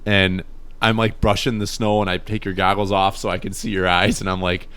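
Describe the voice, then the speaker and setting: A man hosting a podcast, telling a story in an animated, rambling way with lots of restarts. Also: low-pitched, brisk, clear, resonant tone. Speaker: podcast host. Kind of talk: casual storytelling chat.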